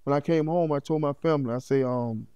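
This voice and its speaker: Fairly quick and animated, a middle-aged podcast guest tells his story from the heart, regularly checking in with "you know what I mean." His voice sits a touch high, with a warm, dark, resonant tone. The recording is clear and dry, with no room around it.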